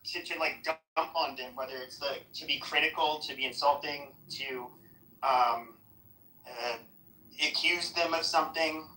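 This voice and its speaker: A man with a very bright, slightly raised voice explains things haltingly, groping for words. He sounds far off and echoey. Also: fairly high pitch, steady tone. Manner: hesitant, searching for words. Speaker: participant in a live voice chat. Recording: distant and echoey.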